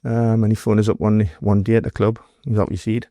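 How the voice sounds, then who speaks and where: In a casual interview, a guest who used to work as a doorman tells stories bluntly in his Geordie accent, swearing heavily and acting out quoted dialogue. He's from North East England, and his lowish, mellow voice comes across flat and fast in a dry recording.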